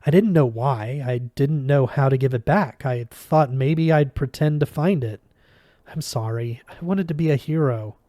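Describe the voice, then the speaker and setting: A shy, earnest young male apprentice, read by a man. He is apologetic at first, then shouts his battle cries. The tone is mellow and the sound is close and dry. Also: mid-range voice, unhurried, no echo, lightly acted.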